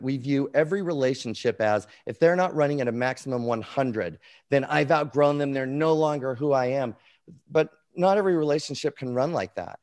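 Energetic man telling coaching stories. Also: medium pitch. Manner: energetic storyteller, animated and self-mocking. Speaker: executive coach. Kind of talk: casual chat on a group call.

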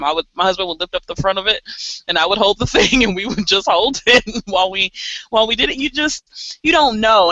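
A woman co-hosting a casual podcast chat, talking in an animated way with laughs and exasperated asides. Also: medium pitch, dry recording, dull audio. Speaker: podcast co-host.

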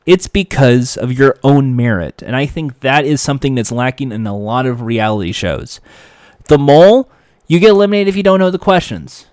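A man giving casual, animated commentary, acting out quoted lines as he goes. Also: mid-range voice, moderate pace, no room sound, studio quality. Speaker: reality TV commentator.

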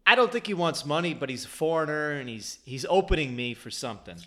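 A man's voice: a little high, animated, fast, pushed and bright. Male co-host, loose rambling storyteller, swears freely, stumbles and restarts. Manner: rambling, many restarts, profane. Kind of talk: casual chat, storytelling.

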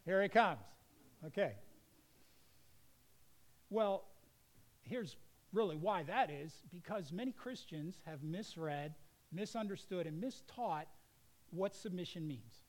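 A man's voice: fairly high pitch, darkish tone, low-quality recording. A middle-aged male pastor preaching a sermon in an earnest, conversational way.

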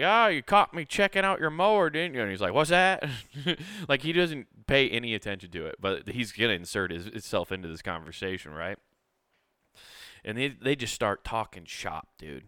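A man's voice: deep voice, a bit bright, smooth, dry recording. A young man hosting a podcast, telling a casual, rambling story full of swearing and restarts. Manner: laid-back, profane, rambling with many restarts. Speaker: podcast host.

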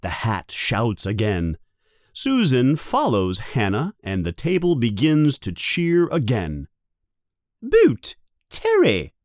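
A man narrating a storybook in an expressive reading manner, jumping high for characters' calls. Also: takes it slowly, dry recording, studio quality.

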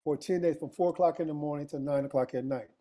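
A man's voice: fairly high pitch, steady tone, fast, warm tone. A man telling a personal story in casual conversation, emphatic and street-casual, full of rhetorical questions to his listener. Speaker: guest.

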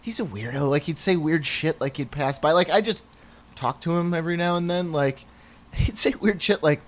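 A young man chatting casually, throwing in quick jokes and laughing along. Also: on the high side. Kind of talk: casual chat.

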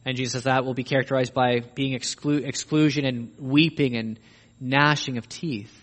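A man's voice: mid-range voice, steady tone, normal speed. A man preaching a sermon, emphatic and pressing questions on his listeners. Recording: echoey hall with long reverb.

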